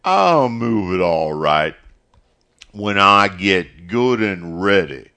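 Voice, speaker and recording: A man voicing an angry, drunken farmer who sputters and shouts threats in a storybook reading. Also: deep voice, big pitch swings, slow, full character voice. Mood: furious, menacing.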